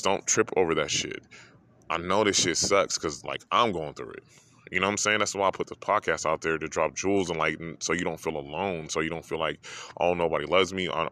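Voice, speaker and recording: A man's voice: low-pitched, bright, forceful tone, slight background noise. A man hosting a podcast, talking through an emotional personal story in a heartfelt, rambling way that repeats phrases, holding back tears. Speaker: podcast host.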